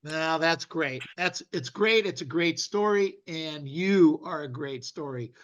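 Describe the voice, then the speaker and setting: A man's voice: fairly high pitch, slow pace, hardly any pauses, fairly bright tone. A man hosting a casual interview, upbeat and encouraging. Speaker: interview host and sales coach.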